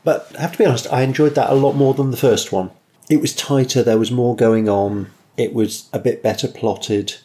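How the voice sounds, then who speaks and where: A man's voice: medium pitch, steady tone, brisk, dark tone. A man co-hosting a podcast, dry and wry in a casual review chat. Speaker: podcast co-host.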